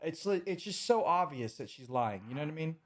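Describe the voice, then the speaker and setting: A man's voice: fairly high pitch, expressive, fairly quick, a little hiss or hum. A man ranting on a live stream in a casual, emphatic way, swearing often and repeating his points.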